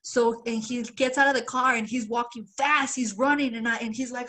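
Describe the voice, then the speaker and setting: A woman's voice: a little high, fairly even intonation, a little fast, hardly any pauses, sharp tone. A woman co-hosting a podcast, telling a long story in casual chat, acting out the quoted voices and laughing often. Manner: loose swearing and filler. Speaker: podcast co-host.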